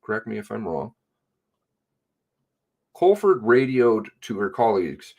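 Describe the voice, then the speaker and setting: Man, husky, unhurried, sarcastic news commentary. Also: lowish voice, big pitch swings, darkish tone, lo-fi sound. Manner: sarcastic asides. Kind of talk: reading and commenting on news reports.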